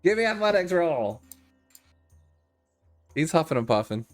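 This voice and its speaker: Easygoing guy game-mastering, lively up and down voice, keeps it loose. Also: fairly high pitch, measured pace, no echo, soft background music. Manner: loose, laughing, casual. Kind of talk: narrating a tabletop game.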